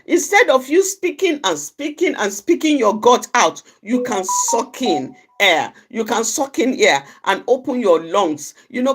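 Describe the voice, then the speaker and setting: A woman with a high voice that swings up and down gives an informal, encouraging talk on calming anger. She circles back over each point, restating it and peppering her sentences with "you know". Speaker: outreach speaker on anger management.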